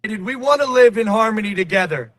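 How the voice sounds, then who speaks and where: A man delivering a rally speech with insistent, declamatory force. His voice is very high for a man and sounds dry, with no room around it. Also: lively intonation, fairly quick, fairly bright tone, no room sound. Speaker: protest speaker.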